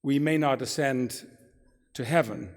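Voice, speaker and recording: A man giving a talk in a synagogue, reading a story aloud with dramatic pacing that drops to hushed tones. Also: mid-range voice, unhurried, creaky. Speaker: guest speaker. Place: synagogue sanctuary. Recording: long reverb of a large hall.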